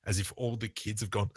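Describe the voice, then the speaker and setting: A man with an Australian accent narrating a tabletop game as game master, relaxed and thinking aloud. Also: lowish voice, dry recording.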